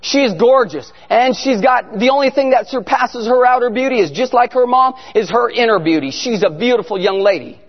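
A middle-aged man preaching a sermon, telling family stories with animated bursts of shouting. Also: very high-pitched, moderate pace, few pauses. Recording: muffled sound in a reverberant hall.

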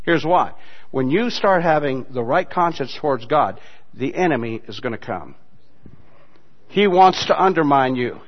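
A man preaching a sermon as pastor, dropping to quiet asides and rising to loud, emphatic passages. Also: medium pitch, lively intonation, a little slow, long reverb tail, lo-fi sound.

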